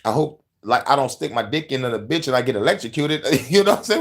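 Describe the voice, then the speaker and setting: A man hosting a podcast, delivering profane, animated conspiracy commentary and laughing often. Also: mid-range voice, fast talker. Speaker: podcast host.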